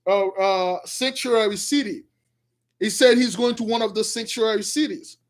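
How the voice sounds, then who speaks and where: A man with a very high voice and retells an old story to his viewers. He talks in animated bursts that often rise into shouts, then backs up to restart his sentences. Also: normal speed. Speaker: religious storyteller.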